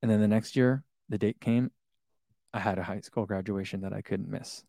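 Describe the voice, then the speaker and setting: A man's voice: lowish voice, fairly even intonation, normal speed, creaky, mellow, no room sound. Dry close-miked man chatting casually. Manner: rambling, chuckling, reads viewer comments aloud. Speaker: running shoe vlogger reading live chat. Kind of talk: casual live-stream chat.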